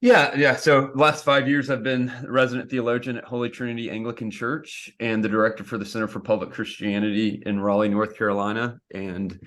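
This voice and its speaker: A man speaking as a guest author on a podcast, easygoing and unhurried in his answers. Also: medium pitch, little pitch movement, a bit bright. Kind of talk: casual interview.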